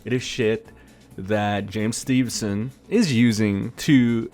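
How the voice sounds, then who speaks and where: A man's voice: on the low side, fairly even intonation, slow, darkish tone, faint music behind. A man giving a profane, sarcastic rant as a gaming commentator. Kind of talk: ranting commentary vlog.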